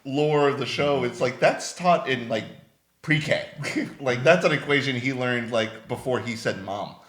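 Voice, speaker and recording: A man's voice: medium pitch, measured pace, a bit bright, roomy sound. A man co-hosting a casual movie podcast, talking in a laid-back, joking way with some casual swearing. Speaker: podcast co-host. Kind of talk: casual chat.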